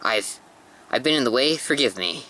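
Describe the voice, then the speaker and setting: A man's voice: mid-range voice, lively intonation, moderate pace, sharp tone, low-quality recording. A man voicing a cheeky, fussy male toy soldier in a casual manga read-aloud.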